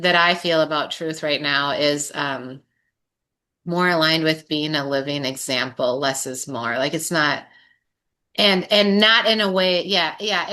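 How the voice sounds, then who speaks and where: A woman's voice: on the low side, bright, forceful tone. A woman talking in a casual recovery group chat, impassioned and rambling, swearing and laughing as she goes, her voice a little strained. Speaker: sober group member.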